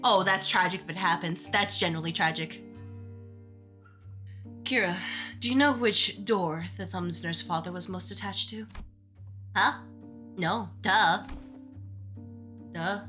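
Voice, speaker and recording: A woman streamer chatting casually while playing a game, ranting in an animated way with quick asides and restarts. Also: on the low side, faint music behind. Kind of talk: casual gaming stream chat.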